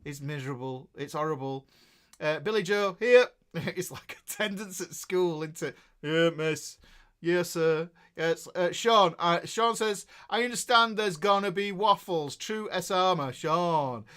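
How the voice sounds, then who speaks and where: A middle-aged Yorkshire man chats on a live stream as a guitar teacher. He rambles along, stopping and restarting with plenty of fillers. His voice sits a little on the high side. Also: unhurried, bright, forceful tone. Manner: chatty and rambling, with many fillers and self-interruptions. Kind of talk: casual live-stream chat.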